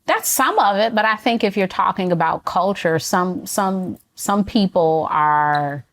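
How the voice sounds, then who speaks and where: A woman psychologist being interviewed, explaining ideas in a calm, measured, conversational way. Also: medium pitch. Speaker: psychologist guest.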